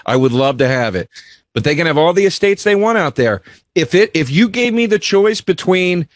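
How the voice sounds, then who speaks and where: A man's voice: sits high, very animated, normal speed, no echo. Emphatic man ranting profanely. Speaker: podcast co-host. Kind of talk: casual chat.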